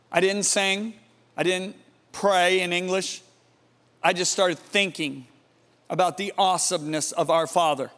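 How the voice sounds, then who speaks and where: A man preaching a sermon, telling a story dramatically and dropping to a hushed, awed tone. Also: high-pitched, long reverb tail. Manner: dramatic, swings from loud emphasis to hushed awe.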